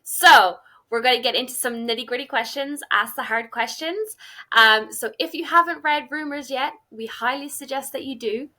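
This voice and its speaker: A woman with a fairly high, bright voice co-hosting a book podcast over a video call. She is upbeat and jokey and keeps the episode moving. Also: moderate pace. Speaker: podcast co-host. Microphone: video call with webcam.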